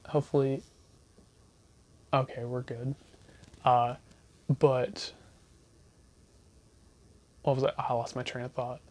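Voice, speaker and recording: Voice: medium pitch, little pitch movement, takes it slowly, pauses often, darkish tone. A casual, chatty reviewer rambling and laughing while recommending horror movies to a camera at home. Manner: chatty, laughs often, loses train of thought. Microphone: camera mic, self-filmed.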